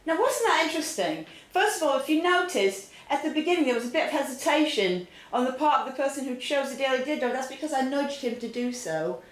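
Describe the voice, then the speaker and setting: A woman with a high voice hosts a mock talk show in a theatrical, giggly way. She keeps turning to the audience. Her voice echoes around a roomy space. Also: very animated, fast talker, hardly any pauses. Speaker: comedic talk show host. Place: home studio, roomy. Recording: echoey room.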